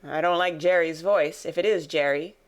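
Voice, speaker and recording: A woman voicing a gruff, wary male coach guard who barks out challenges. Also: mid-range voice, expressive, moderate pace, natural voice. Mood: suspicious. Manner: barking, challenging shouts.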